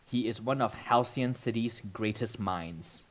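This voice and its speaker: Male GM voicing a solemn female superhero leader, calm, measured delivery. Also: on the low side.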